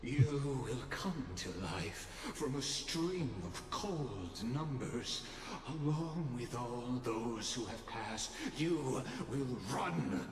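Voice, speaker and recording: An actor playing a theatrical male villain in a video game, with a dramatic, drawn-out delivery. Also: mid-range voice, expressive, crowd noise. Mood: menacing. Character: grandiose male villain demigod, menacing and theatrical. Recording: game audio with reverb and loud music.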